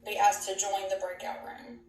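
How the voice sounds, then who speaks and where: A woman's voice: medium pitch, fairly even intonation, moderate pace, a little mellow, a little hiss or hum. A woman, a therapist running an online group, calling on members politely. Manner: friendly, calling on people politely. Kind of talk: leading an online group session. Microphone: video call. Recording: echoey, distant call audio.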